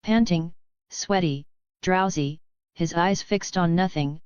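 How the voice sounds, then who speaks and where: A woman reading a web novel aloud as an audiobook narrator, in a steady, even voice with little acting between the figures. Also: fairly low pitch, takes it slowly, clear, resonant tone, no echo, muffled recording.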